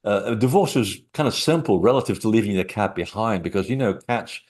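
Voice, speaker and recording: A man's voice: on the low side, lively intonation, fairly quick, a little mellow. A middle-aged man, a guest author, talking casually in an interview and telling rambling anecdotes with many fillers.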